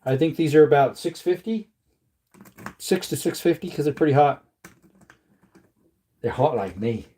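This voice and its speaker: Reloading ammunition on a casual livestream, a man speaks expressively in a high-leaning, dark voice, a little slowly and with frequent pauses. He's jokey and talkative, reading the chat aloud and putting on silly voices.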